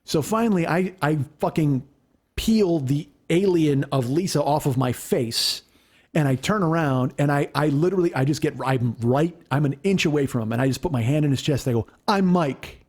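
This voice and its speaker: A middle-aged man casually telling a story as a podcast host, animated and profane, acting out what others said. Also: on the high side, a little fast, husky. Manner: animated, profane, acts out quotes.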